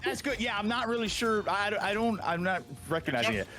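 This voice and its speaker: A man hosting a charity livestream, chatting with friends and reading out donations. His fairly high voice swings widely in pitch, and faint music plays underneath. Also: fairly quick. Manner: animated, reads out donations. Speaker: charity stream host.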